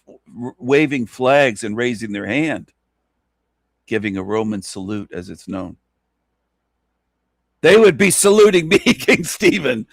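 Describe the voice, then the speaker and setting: Man in a dry-sounding rambling radio rant. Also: no echo. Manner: rambling, repetitive, emphatic rant with sudden pitch jumps; mocking, chuckles to himself. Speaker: radio show host. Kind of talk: solo radio monologue.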